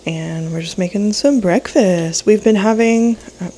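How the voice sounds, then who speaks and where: A woman's voice: mid-range voice, unhurried, warm tone, a little hiss or hum. A young woman vlogging at home in a casual, rambling chat, sleepy and a bit nasal from allergies. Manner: chatty, rambling, lots of fillers. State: sleepy, yawning. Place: home kitchen and office. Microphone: handheld vlog camera.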